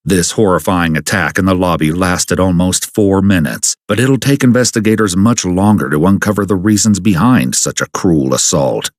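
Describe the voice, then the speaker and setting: A man with a low, deep voice narrates true crime from a script, measured and grave. His delivery is dramatic and the sound is close and dry, with no room around it. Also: no room sound.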